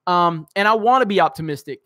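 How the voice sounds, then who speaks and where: A man's voice: sits high, animated, fast, sharp tone, dry recording, studio quality. A man hosting a live stream, reading chat comments aloud and ranting heatedly, swearing at trolls. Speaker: host of a live-stream show.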